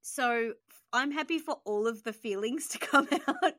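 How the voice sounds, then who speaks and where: A woman hosting an interview, talking fast and emotionally with lots of fillers while grieving. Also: fairly high pitch, fairly bright tone, no room sound, clean studio sound. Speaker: podcast host.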